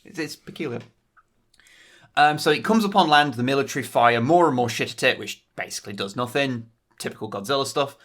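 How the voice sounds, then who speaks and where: A man with a bright, sharp-edged voice chats through a monster movie recap. He wanders off into tangents and fills the gaps with ums. His talk is casual and friendly among co-hosts. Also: medium pitch, animated, fairly quick. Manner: rambling recap with many ums and asides. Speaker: podcast host. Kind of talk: casual film-review chat.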